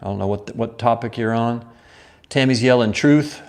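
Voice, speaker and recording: A man's voice: medium pitch, normal speed. A man hosting a live stream, casually telling a childhood story and reading chat comments, acting out the voices he quotes. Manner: animated, acts out quoted voices. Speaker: livestream host.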